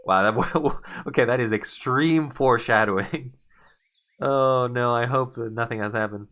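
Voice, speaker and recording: A man's voice: medium pitch, moderate pace. A man casually commenting on a video game as he plays, reacting aloud. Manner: animated, reacts with laughs. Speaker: let's player.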